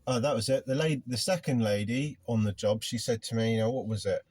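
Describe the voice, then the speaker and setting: A middle-aged man, a gardener hosting a casual vlog chat in a van, loud and rambling. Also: medium pitch, quick pace, few pauses, slightly rough, dry recording. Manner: loud, chatty, rambling, self-deprecating. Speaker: gardening business owner, vlog host. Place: inside a van.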